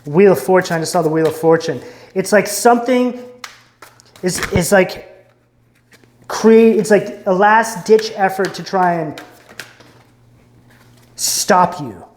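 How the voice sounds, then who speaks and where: Guy reading tarot cards, thinks out loud and restarts a lot, roomy echo. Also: sits high, slow pace, long pauses, slight background noise. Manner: musing, searching, self-interrupting. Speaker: tarot reader.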